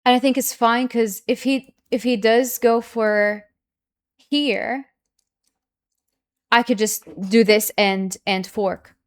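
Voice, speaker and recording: A woman's voice: a little high, takes it slowly, long pauses, clean tone. A young woman streaming chess, thinking aloud anxiously, then reviewing the game in a chatty way. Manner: anxious, repeats herself when stressed; bursts into loud excited cries.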